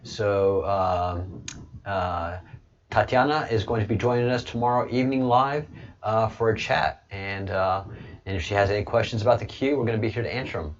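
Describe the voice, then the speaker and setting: Low-ish voiced guy rambling on a live chat stream, lots of uhs, muffled lo-fi audio. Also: normal speed. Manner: rambling, chuckling, hesitant fillers. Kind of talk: casual livestream chat.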